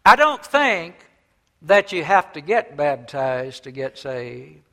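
A man preaching a sermon, swinging between loud emphatic phrases and soft, low endings. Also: big pitch swings, takes it slowly.

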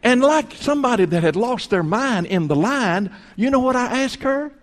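A man preaching a sermon as pastor, telling folksy stories and swinging between loud and hushed. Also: very high voice, animated, normal speed, long reverb tail. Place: church sanctuary.

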